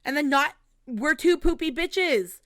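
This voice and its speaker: A young woman co-hosting a podcast, telling a story in animated casual chat and swearing freely. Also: high voice, measured pace, no room sound, studio quality. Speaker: podcast co-host.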